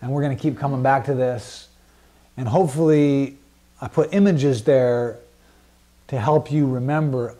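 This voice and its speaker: A man's voice: medium pitch, moderate pace, mellow. A man teaching a Bible study group in a casual, conversational way, with many fillers and frequent questions to the class.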